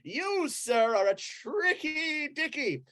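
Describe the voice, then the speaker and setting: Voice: high voice, very animated, slow, fairly bright tone, pitched above the performer's own voice, exaggerated voice. The game master voicing a gushing, reverent orc cleric devoted to a dog god, in a raised voice.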